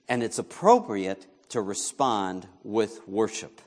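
A man's voice: lowish voice, animated, a little slow, hardly any pauses. A man from New York preaching a sermon as pastor, talking conversationally, asking the congregation questions and joking with them.

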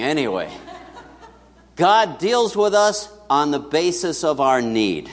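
A man preaching a sermon in a church to his congregation, talking in a lively, conversational way with asides to the listeners. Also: on the high side, slow pace, long reverb tail. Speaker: pastor.

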